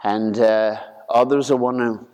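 A man preaching a conversational sermon in a folksy way, acting out voices with sudden leaps in pitch. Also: steady tone, moderate pace, a little mellow, clean tone. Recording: long reverb of a large hall.

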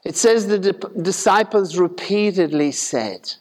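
A man's voice: sits high, animated, a little slow, big-room sound. A man preaching a sermon in a conversational way, acting out the voices of the people in his retelling.

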